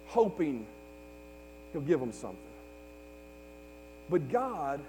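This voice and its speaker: A man's voice: high voice, dark tone. A man preaching a sermon to his congregation, building fervor and calling for responses. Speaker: pastor. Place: church sanctuary. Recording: hall reverb with faint mains hum.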